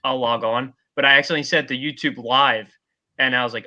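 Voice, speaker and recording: A man's voice: mid-range voice, steady tone, quick pace, sharp tone. A man joining a casual sports podcast as a co-host, talking in an easygoing, self-deprecating way over a remote connection.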